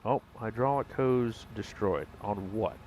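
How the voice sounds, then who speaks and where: A man's voice: lowish voice, measured pace, a little mellow, a little hiss or hum, rough recording. A young man giving casual gameplay commentary, chatting with viewers in a rambling, self-correcting way with mild exclamations. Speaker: gaming streamer.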